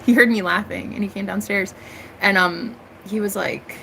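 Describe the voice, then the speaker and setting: An American woman telling a story in a casual monologue, sassy and cheeky, calling listeners honey and girl, swooping up into high exclamations. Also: steady tone, normal speed, creaky, pushed and bright, a little hiss or hum. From United States. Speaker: tarot reader and live streamer.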